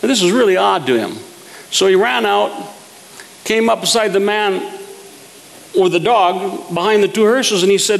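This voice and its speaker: A man's voice: high voice, animated, moderate pace, vocal fry, long pauses, long reverb tail, low-quality recording. A man preaching a sermon, telling folksy humorous stories and chuckling at his own jokes.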